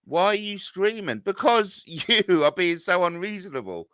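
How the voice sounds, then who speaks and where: A man's voice: sits high, lively intonation, moderate pace, fairly bright tone, smooth, dry recording. A middle-aged man reading out viewer comments and ranting back, agitated and swearing, his voice climbing when confronted.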